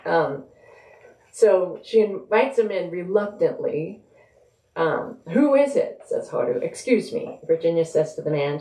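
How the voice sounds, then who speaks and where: At a live bookstore event, a woman author speaks conversationally and reads from her novel, thinking aloud as she goes. Her voice is low and mellow, and the room gives it an echo.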